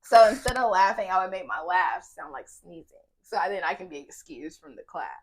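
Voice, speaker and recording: A young adult woman co-hosting a podcast in casual chat, animated, laughing often and swearing casually. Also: lowish voice, a little fast, breathy edge. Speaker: podcast co-host.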